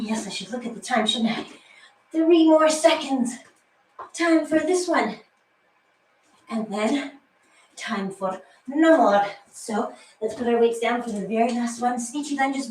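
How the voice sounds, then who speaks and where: Out-of-breath woman instructor, upbeat and chatty, counting reps; slightly high, unhurried voice in a roomy space. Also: recorded from a distance, slight background noise. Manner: cheerful, chatty, laughs at herself. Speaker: fitness instructor. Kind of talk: workout class instruction.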